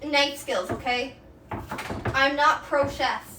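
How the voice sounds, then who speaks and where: A woman's voice: high-pitched, fairly even intonation, takes it slowly, background noise. A young woman from Quebec with a Québécois accent, whose first language is French, chatting casually and giggling with her viewers while she cooks on a livestream. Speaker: streamer. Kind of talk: casual cooking livestream chat. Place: home kitchen. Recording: echoey kitchen, mic at a distance.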